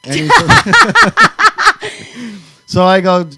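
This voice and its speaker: A man's voice: medium pitch, a little fast, no room sound. A man from New York telling wild stories in casual chat, cursing freely and acting out his friends' lines. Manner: profane, animated storyteller acting out friends' lines. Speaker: podcast co-host.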